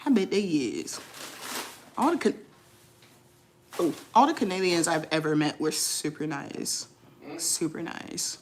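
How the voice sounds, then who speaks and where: A woman's voice: low voice, expressive, unhurried, pauses often, slight background noise. A woman, chatting casually and teasingly with viewers on a live stream, laughing often.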